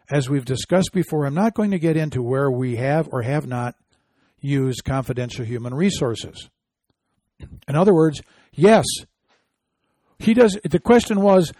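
An indignant man hosting a commentary show, his voice pitched a little high for a man. He reads quotes aloud and scoffs at them. The recording is dry and close, with no room sound. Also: warm tone, no echo. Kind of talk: opinion commentary.

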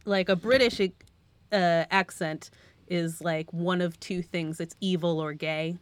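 A woman's voice: fairly low pitch, fairly even intonation, slow pace, no room sound. A woman co-hosting a casual podcast chat, talking loosely with lots of fillers and breaking into laughter often. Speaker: podcast co-host.

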